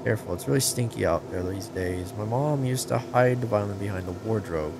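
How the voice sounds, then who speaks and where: A man voicing a creepy masked boy who plays violin, reading game dialogue in a slow, childlike, unsettling voice over noisy game audio. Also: fairly low pitch, voice pushed down, close to an everyday voice. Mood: eerie, childish.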